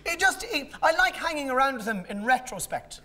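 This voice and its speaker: An Irish stand-up comedian in his thirties performs live on stage at a comedy venue, his very high voice brisk, sing-song, and sharp. He rambles through his stories and keeps interrupting himself.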